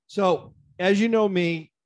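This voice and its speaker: Man ranting animatedly in casual chat. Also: slow pace. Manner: animated ranting, jumps high in pitch when riled; acts out the other side of phone calls. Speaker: storyteller in a chat.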